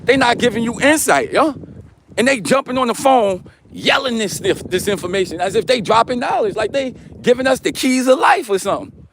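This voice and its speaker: Middle-aged New man, livestream host; high-pitched, loose slangy delivery aimed right at his chat. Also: animated, fairly quick, vocal fry, fairly bright tone, slight background noise. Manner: slangy, repetitive, talks straight to viewers. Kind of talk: casual chat to a live chat.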